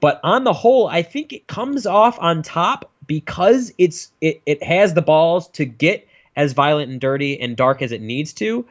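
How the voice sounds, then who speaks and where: A man co-hosting a casual film review chat, animated and swearing freely. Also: on the high side, a little slow, few pauses. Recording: dull lo-fi sound.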